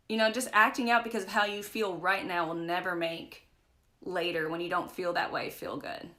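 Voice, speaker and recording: A woman's voice: medium pitch, fairly even intonation, brisk, gravelly, pushed and bright. Chatty young woman leading a Bible study. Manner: chatty storytelling with frequent "like" and "right?". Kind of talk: casual livestream Bible study talk. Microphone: phone or webcam for a live stream.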